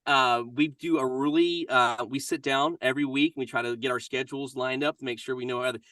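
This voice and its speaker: A man's voice: mid-range voice, steady tone, fairly quick, sharp tone, dry recording, clean studio sound, distant mic. A middle-aged man, a voice actor and minister, talking casually and energetically in an interview.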